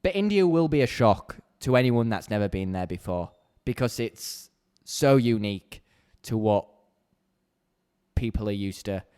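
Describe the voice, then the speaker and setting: Blunt man with a smooth voice. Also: on the low side, animated, unhurried, pauses often, a little mellow. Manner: blunt, candid, heated when ranting. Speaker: podcast host. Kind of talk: solo podcast monologue. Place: small home podcast corner.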